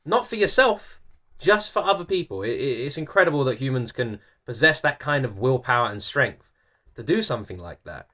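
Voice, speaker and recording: A man's voice: mid-range voice, very animated, brisk, bright, forceful tone. A young man with a mixed British accent, raised in the UK, rambling earnestly through a reaction video with lots of fillers and repeats. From Irish-born, raised in the UK. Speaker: music reaction video host. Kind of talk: casual reaction commentary.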